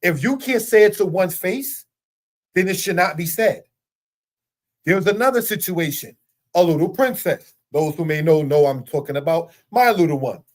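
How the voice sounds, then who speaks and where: A man's voice: high voice, expressive, moderate pace. A middle-aged man teaching a religious lesson in an earnest, repetitive way, full of rhetorical questions. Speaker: Torah teacher. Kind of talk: spoken teaching monologue.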